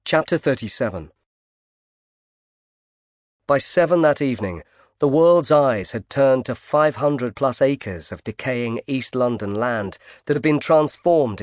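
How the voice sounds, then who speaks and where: A man narrating a thriller audiobook in a steady, measured read. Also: mid-range voice, no room sound. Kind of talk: scripted narration. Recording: dry close studio sound.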